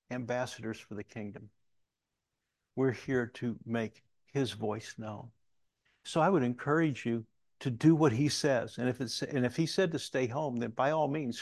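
Gravelly-voiced pastor preaching a folksy sermon. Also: male voice, medium pitch, a little mellow, dry recording. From Alaska, USA. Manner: folksy storytelling with halting restarts.

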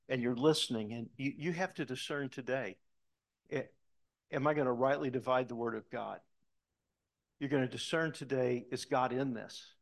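A middle-aged man preaches with a storyteller's pull, recounting an old police case and slipping into the voices of the people in it. His delivery is animated and conversational, with a voice of ordinary middle pitch. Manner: animated storyteller acting out dialogue. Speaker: preacher, former police detective. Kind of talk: storytelling sermon.

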